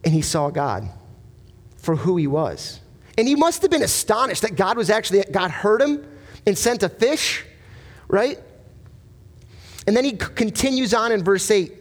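A man's voice: sits high, sing-song, unhurried, long pauses. A pastor preaching a sermon to his congregation, earnest and emphatic, mixing personal stories with rhetorical questions.

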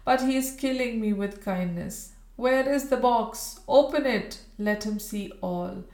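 A woman's voice: a little high, unhurried, a little mellow. A woman reading as a delirious dying woman, feverish and raving. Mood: frantic raving. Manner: rambling, raving, pleading. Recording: roomy echo.

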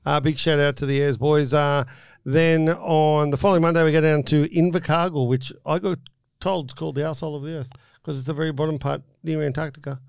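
A man's voice: fairly high pitch, steady tone, fairly quick, vocal fry, clear, resonant tone, dry recording. Man, podcast host, casual chat, rambling, resonant tone, close dry sound. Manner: rambling, with filler-laden announcements.

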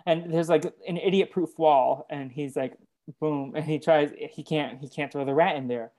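A man's voice: on the high side, steady tone, normal speed, darkish tone. A man co-hosting a casual podcast, recapping film scenes step by step with frequent hesitations. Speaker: podcast co-host.

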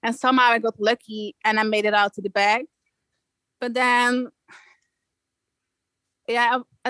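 A woman's voice: a little high, dry recording, poor audio. A young woman from Belgium telling a surfing story in casual talk, laughing often and acting out what people said. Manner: animated, laughs often, acts out quotes. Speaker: guest surfer.

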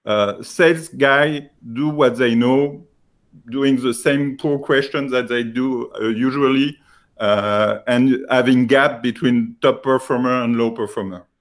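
With a steady tone, a man from France pitches his software in a French accent, though his delivery is halting and heavy with fillers.

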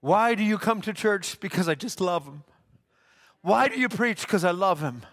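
A man preaching a fervent sermon in a church, stammering through restarts and rising into shouts. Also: high-pitched, expressive, normal speed. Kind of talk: impassioned sermon. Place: church hall. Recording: long hall reverb.

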